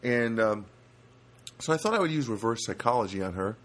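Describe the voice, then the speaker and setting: Older male storyteller, casual and rambling, animated pitch, average register. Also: a little fast. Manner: rambling, many restarts and asides.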